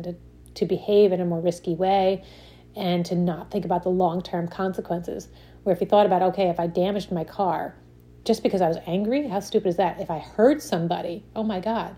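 A woman's voice: fairly low pitch, dark tone. A woman giving a casual self-help talk, often checking in with "right?" and restarting her sentences. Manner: explains with frequent "right?" check-ins and examples. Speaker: speaker on stress and habits.

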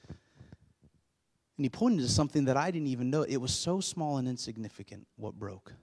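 A male pastor in his thirties delivers a sermon in a mid-pitched voice. His delivery is dynamic, rising to loud, urgent peaks before easing into soft, intimate stretches. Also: expressive, brisk, husky. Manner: dynamic preaching, swinging from loud urgent build-ups to hushed, low passages.

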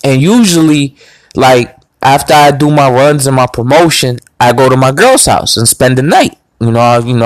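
A man's voice: medium pitch, no room sound, poor audio. A man hosting a podcast, telling a personal story in a blunt, crude, boastful way. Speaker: podcast host. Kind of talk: casual storytelling monologue.

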